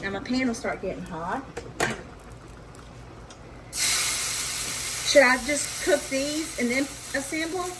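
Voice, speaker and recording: A woman hosts a home cooking vlog in a high, animated voice, taking things slowly with long pauses as she chats and laughs at her own mistakes. The recording is very noisy, dominated by a loudly sizzling frying pan.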